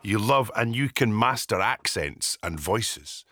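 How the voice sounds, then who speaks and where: Eager, stammering radio host. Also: male voice, on the low side, animated, slow pace, sharp tone, husky, no echo, studio quality. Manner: enthusiastic, stammering restarts. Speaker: radio interviewer. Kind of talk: radio interview.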